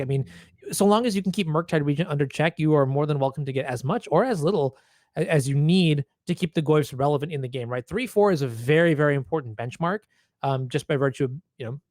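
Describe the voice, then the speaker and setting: A man's voice: a little high, a little mellow, no echo, studio quality. A man commentating a card game tournament, explaining rules and plays with many fillers.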